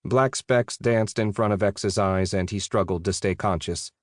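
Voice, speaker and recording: Low steady guy reading an audiobook, dry close sound. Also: normal speed, no room sound. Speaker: audiobook narrator. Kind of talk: scripted narration.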